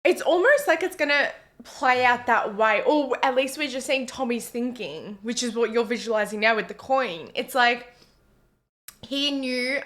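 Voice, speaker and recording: A woman co-hosting a reaction video, chatting casually and playfully about a TV episode, quick to giggle. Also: on the high side, lively intonation, fairly bright tone. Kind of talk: casual chat reacting to a TV show.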